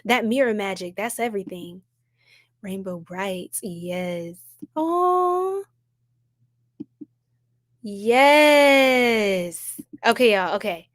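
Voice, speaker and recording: A woman's voice: medium pitch, animated, drawn-out words, pauses often. A young adult woman hosting a psychic livestream, reading viewer comments in a casual, bubbly, effusive way and laughing often.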